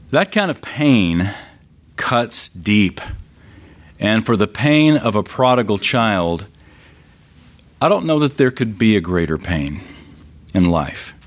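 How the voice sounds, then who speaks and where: A man's voice: fairly low pitch, fairly bright tone. A middle-aged man preaching a sermon, telling a story with rising and falling emphasis. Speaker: pastor.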